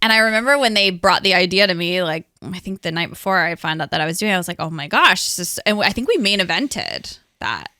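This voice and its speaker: Bright, crisp-voiced woman telling stories. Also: lowish voice, quick pace, few pauses, no room sound, clean studio sound. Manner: animated, acts out quotes, says "like" often. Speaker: interview guest, former pro wrestler. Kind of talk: casual storytelling.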